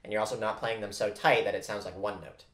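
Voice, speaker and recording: This drum teacher speaks quickly in a lowish, flat voice over heavy background noise. He patiently breaks down flam rudiments and counts the stickings out loud, his words echoing around a room loud with drumming.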